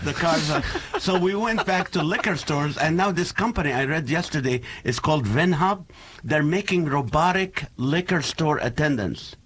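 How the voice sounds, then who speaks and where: A man in his forties, a comedian guest on a chat show, who talks in an animated, joking way. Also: fairly high pitch, moderate pace, slightly rough. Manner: animated and joking, laughs often. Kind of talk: casual chat with comic bits.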